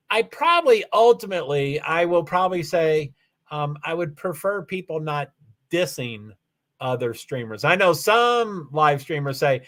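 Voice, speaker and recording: A man's voice: fairly high pitch, fairly bright tone. A man streaming live and answering chat in a rambling, self-correcting way, full of fillers. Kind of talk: casual livestream chat.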